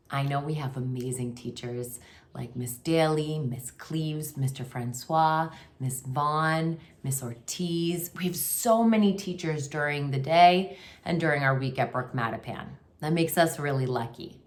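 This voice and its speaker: Slow, low-voiced kindergarten teacher. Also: female voice. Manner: slow, patient, sing-song teacher voice, addressing young scholars. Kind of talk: remote classroom lesson.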